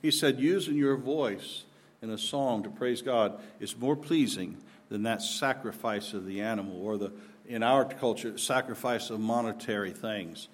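An older man preaching a sermon in a mid-pitched voice. He builds to loud, emphatic declarations and then falls back to a quieter register. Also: moderate pace.

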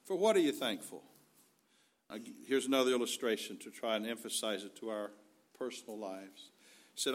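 A man's voice: medium pitch, fairly quick. Guy giving a sermon, homey and earnest, quotes scripture as he goes. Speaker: preacher.

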